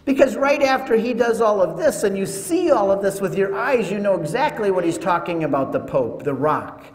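A man giving a teaching talk to an audience, telling it as an animated story with joking asides. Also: high-pitched, normal speed. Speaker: Catholic speaker. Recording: echoey hall with long reverb.

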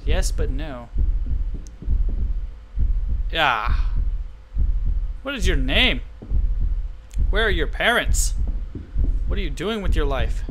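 A man's voice: on the high side, very animated, slow, long pauses, bright, forceful tone, a little hiss or hum, poor audio. Jittery young man playing a horror game. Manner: jittery, nervous muttering, repeated nopes. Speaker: gaming YouTuber.

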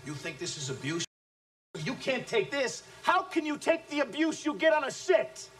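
A man's voice: animated, measured pace, a little hiss or hum, lightly acted. A man playing a brash abusive sales boss. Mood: contemptuous. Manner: aggressive, taunting, swings between shouting and low menace. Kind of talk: film acting.

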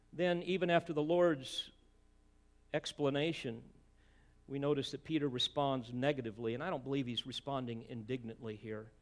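A man's voice: mid-range voice, steady tone, a little fast. A man preaching an expository sermon as pastor, emphatic, with rhetorical asides and repeated words as he presses a point.

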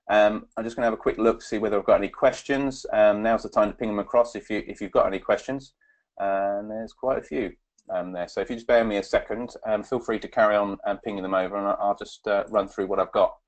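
A man's voice: on the low side, fairly even intonation, fast talker. A man presenting a webinar on data protection, talking with many ums and restarts as he answers audience questions.

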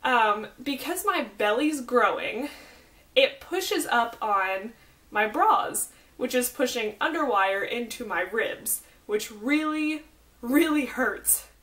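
A woman's voice: on the high side, expressive, takes it slowly, fairly bright tone. A young woman with a Southern American accent vlogging casually, rambling through her week with lots of fillers and side notes. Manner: chatty, rambling, with many fillers and asides. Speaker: pregnancy vlogger. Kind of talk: casual chat.

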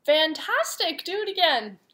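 A woman voicing a clever, bold young princess in a storybook, speaking eagerly with bright exclamations. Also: a little high, lively intonation, measured pace, slight background noise. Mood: excited.

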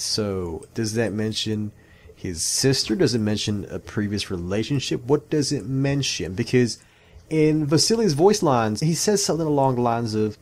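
A man in his thirties with an Australian accent, riffing on video game lore in a loose, rambling way. He talks casually and tosses "y'all" into his sentences. His pitch sits in the middle range for a man. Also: very animated, measured pace, darkish tone. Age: 30s. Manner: chatty, rambling, often says "y'all". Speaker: gaming YouTuber.

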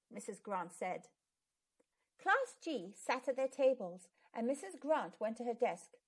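A woman hosting a children's channel, reading a picture book aloud in an expressive, sing-song way. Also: fairly high pitch, a little slow. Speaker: channel host and storyteller.

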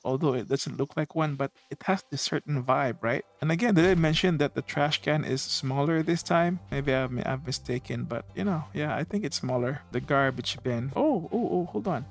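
Chatty man with a gravelly voice. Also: medium pitch, normal speed, hardly any pauses. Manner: chatty, self-deprecating, rambling with restarts. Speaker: gaming video host. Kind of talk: casual let's-play commentary.

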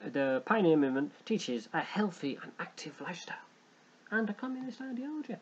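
A man's voice: high-pitched, big pitch swings, fairly quick, breathy edge, dull audio. A young man hosting a let's play, joking and rambling as he reads game text aloud. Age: young adult. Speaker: gaming channel host.

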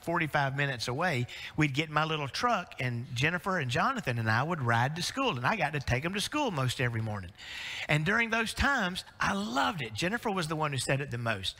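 A middle-aged man preaches warmly animated stories from the pulpit. His voice is bright and a little high for a man. The sound carries the long reverb of a church sanctuary. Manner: storytelling, animated, folksy. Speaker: pastor. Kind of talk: sermon.

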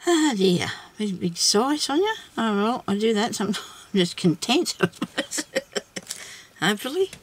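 A woman hosting a casual craft tutorial, chatting and thinking aloud as she works, with soft laughs to herself. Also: medium pitch, big pitch swings, a little slow. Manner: rambling, chatty, thinks aloud while working.

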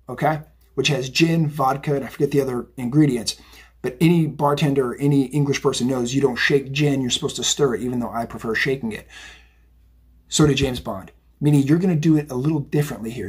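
Brief: middle-aged male tarot reader, rough breathy voice, loose chatty delivery. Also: mid-range voice, fast. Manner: chatty, rambling, animated, says "right?" and "okay?" often. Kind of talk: casual tarot reading monologue.

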